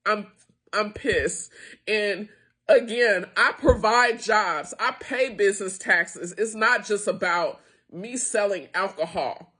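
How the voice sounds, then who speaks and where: A woman's voice: mid-range voice, takes it slowly, a bit bright, slightly rough. A middle-aged woman who owns a small business, making an emotional, impassioned appeal to her viewers, frustrated and close to tears. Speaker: small business owner and founder. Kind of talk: emotional direct-to-camera appeal.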